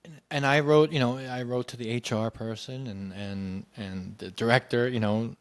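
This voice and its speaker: A man in casual storytelling, animated and acting out what others said. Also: mid-range voice, moderate pace, smooth. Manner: animated, acts out quoted voices. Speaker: podcast guest telling his story.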